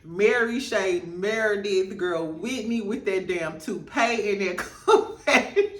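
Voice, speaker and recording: A woman's voice: medium pitch, slow, reverberant, far from the mic. A woman hosting a casual reality TV recap, laughing a lot and acting out the cast members' lines in voices.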